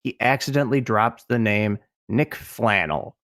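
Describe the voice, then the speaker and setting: A man's voice: on the low side, measured pace. Laid-back Midwestern man recapping a film. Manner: relaxed storyteller, recaps with asides. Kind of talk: casual podcast recap.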